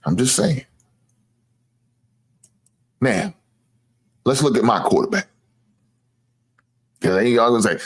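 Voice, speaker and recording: A man's voice: mid-range voice, huge pitch swings, slow pace, pauses often, breathy edge. A man hosting a sports show, ranting casually to viewers, boastful and teasing, swearing freely and laughing at his own jokes. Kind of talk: casual trash-talking sports rant.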